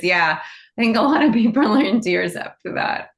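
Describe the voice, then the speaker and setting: A lowish-voiced woman speaks on a video call, gushing and laughing at herself as she hosts an online event. Her delivery is warm-hearted and playful. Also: fast. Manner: effusive, laughing, playfully self-mocking. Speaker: nonprofit co-founder and event host. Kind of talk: online event closing remarks.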